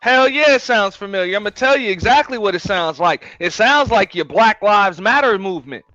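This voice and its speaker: A man's voice: high voice, animated, moderate pace, pushed and bright, no room sound, soft background music. A man hosting a show, giving a blunt, profane, emphatic rant in casual talk. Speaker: host. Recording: dull lo-fi, dry sound.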